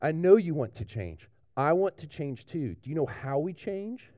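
A man preaching a children's sermon in church, telling a picture-book story in a lively, animated way to the young ones. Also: on the high side, normal speed, no room sound, clean studio sound. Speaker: pastor.

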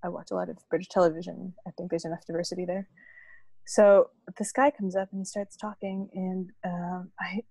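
A woman's voice: lowish voice, flat delivery, brisk, creaky, warm tone, husky, no room sound. Chatty laughing woman, dry sound. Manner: chatty, laughing, lots of fillers and restarts. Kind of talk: casual chat.

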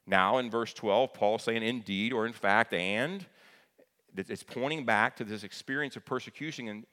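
A man's voice: mid-range voice, normal speed, a bit bright. A man preaching a sermon as pastor, conversational and plain-spoken, often repeating key phrases for emphasis. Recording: long hall reverb.

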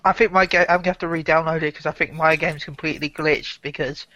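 A man's voice: on the high side, steady tone, fast talker, bright, forceful tone, no echo. A man co-hosting a gaming podcast, stammering and repeating his words. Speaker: podcast co-host. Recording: dull, dry lo-fi audio.

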